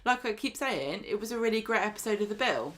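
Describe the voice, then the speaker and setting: A woman, co-hosting a podcast in casual chat, animated and argumentative, often laughing. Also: medium pitch, quick pace. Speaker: podcast co-host.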